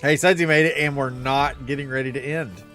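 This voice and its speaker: A man's voice: mid-range voice, fairly even intonation, brisk, a bit bright, faint music behind. A man co-hosting a game stream, laid-back and laughing often as he chats. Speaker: streamer co-host. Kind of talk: casual stream chat.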